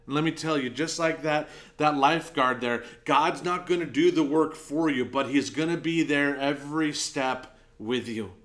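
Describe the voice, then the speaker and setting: A man's voice: on the high side, normal speed, few pauses, a bit bright. A middle-aged man, a pastor preaching a sermon and telling a personal story, often acting out the lines he quotes.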